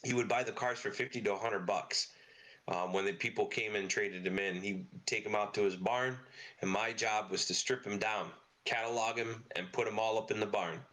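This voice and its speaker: Middle-aged man telling rough, swearing stories. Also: fairly low pitch, steady tone, moderate pace, a bit bright. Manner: swears freely, rambling anecdotes with lots of fillers. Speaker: podcast guest, car parts business owner. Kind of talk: casual storytelling interview.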